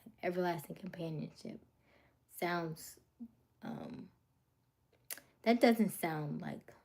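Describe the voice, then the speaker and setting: A woman's voice: fairly low pitch, slow pace, darkish tone, breathy edge. A young woman hosting a casual livestream, talking through her dating experiences with lots of fillers and frequent drops into a near whisper. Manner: rambling, many fillers, drops to whispers and back. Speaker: livestream host.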